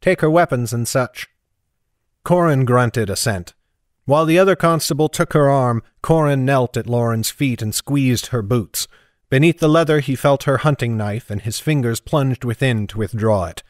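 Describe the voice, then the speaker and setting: A man reading a fantasy novel aloud as audiobook narrator, in a steady, even storytelling manner. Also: medium pitch, moderate pace, no echo, clean studio sound. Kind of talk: scripted narration.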